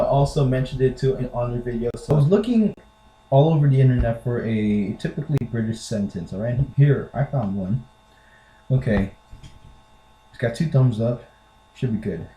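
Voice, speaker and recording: A man's voice: medium pitch, dark tone, slight background noise. An American man chatting casually to the camera, rambling with lots of fillers. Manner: rambling, with lots of "like" and "you know". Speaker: vlogger. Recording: echoey room.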